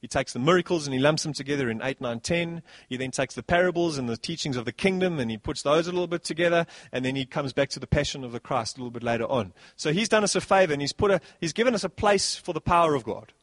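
A man preaching a sermon as pastor, animated, swinging between soft passages and loud bursts. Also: on the high side, fast, hardly any pauses, no echo.

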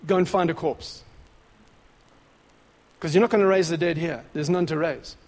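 High-voiced man preaching in a reverberant hall. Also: moderate pace. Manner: emphatic, repetitive exhortation; grows louder and more excited. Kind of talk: sermon.

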